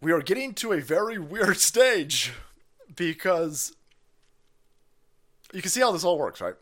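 A man ranting on his livestream, his fairly high voice swinging wildly up and down as he mocks and curses. He laughs often and breaks into sudden yells, staying sarcastic throughout. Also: animated, measured pace. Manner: profane, sarcastic, mocking. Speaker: stream host. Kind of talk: livestream commentary rant.

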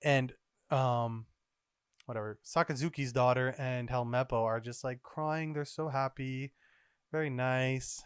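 A man hosting a podcast, recapping comic chapters in a rambling, excitable, casual way. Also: mid-range voice, a little slow, clean tone, no room sound, studio quality. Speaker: podcast host.

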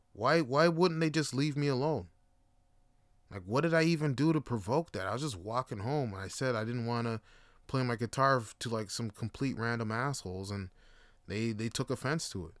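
A podcast host talks through a personal story in a loose, rambling way, swearing often and leaning on filler words. His voice is clear and smooth at a mid pitch. The recording is dry, with no room sound. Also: a bit bright, no room sound. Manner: rambling and profane, full of fillers. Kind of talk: casual storytelling monologue.

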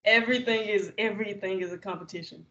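A young adult podcast guest chatting casually, telling stories in a relaxed way with many fillers. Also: mid-range voice, quick pace, muffled recording, slight background noise. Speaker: podcast guest, jiu-jitsu practitioner.

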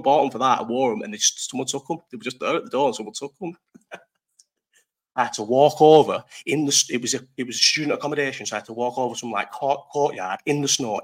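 A man, hosting a casual live chat stream from home, telling rambling stories full of swearing and laughter into a partly covered desk mic. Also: mid-range voice. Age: 30s.

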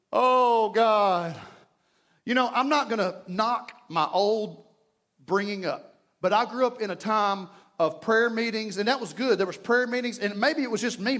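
A man preaching a fervent sermon as pastor in a church, sometimes shouting and acting out prayers. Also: high-pitched. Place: church sanctuary.

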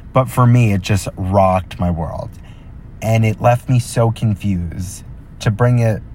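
A man's voice: fairly low pitch, a little mellow, a little hiss or hum. A young man hosting his own podcast, chatting casually and rambling, joking and talking straight to his listeners. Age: young adult. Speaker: podcast host. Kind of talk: casual solo chat.

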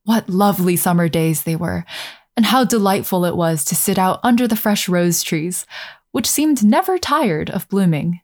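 A woman narrating a fairy tale in a gentle, measured storytelling manner. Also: lowish voice, expressive.

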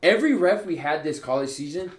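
A man's voice: fairly high pitch, expressive, fast talker. A young man co-hosting a casual podcast, loose and profane, saying bro a lot. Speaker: podcast co-host and college soccer player. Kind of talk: casual chat. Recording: echoey room.

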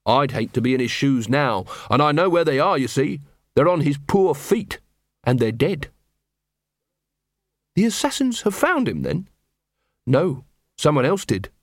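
A man's voice: on the high side, no echo, clean studio sound. A man voicing an earnest, tired young city watchman who speaks plainly.

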